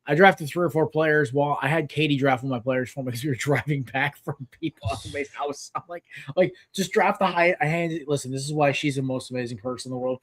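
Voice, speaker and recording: A man's voice: medium pitch, quick pace, hardly any pauses. A man in his thirties hosting a casual sports podcast, rambling with lots of fillers and restarts. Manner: rambling, filler-heavy, excitable. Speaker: podcast host.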